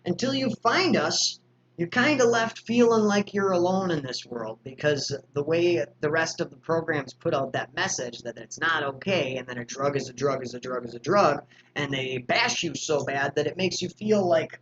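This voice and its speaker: A man's voice: a little high, moderate pace, fairly bright tone, slight background noise. Joking man hosting a lo-fi livestream. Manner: loose and joking, with frequent swearing and slang. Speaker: host of a recovery livestream. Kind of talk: casual livestream chat reading viewer comments.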